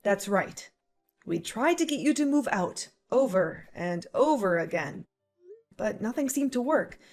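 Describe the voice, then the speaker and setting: A woman voicing a calm, pregnant young wife who answers her sister-in-law with dry sarcasm, in a dramatized story. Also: high-pitched. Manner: cool, composed, dryly sarcastic. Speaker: voice actor.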